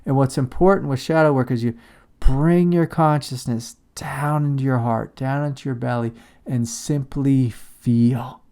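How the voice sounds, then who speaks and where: A man giving a calm, reflective spiritual talk as a teacher. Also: mid-range voice, unhurried. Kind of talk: satsang talk on shadow work.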